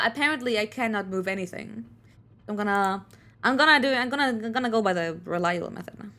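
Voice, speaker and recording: A woman's voice: mid-range voice, fairly bright tone. A woman streamer, not a native English speaker, chatting casually over gameplay in a rambling way with lots of fillers.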